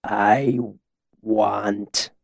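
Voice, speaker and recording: A man doing a dazed mercenary, slow and thick. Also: lowish voice, fairly even intonation, vocal fry, no echo, studio quality, full character voice. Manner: halting, slow, thick-voiced. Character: dazed, befuddled male mercenary.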